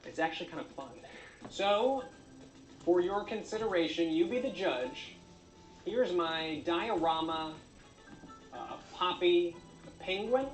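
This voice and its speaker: Deadpan guy narrating a craft vid, kinda high voice, echoey room, faint music. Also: unhurried, pauses often. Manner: deadpan, with frequent uh fillers. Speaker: craft video creator. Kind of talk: dry comedic narration.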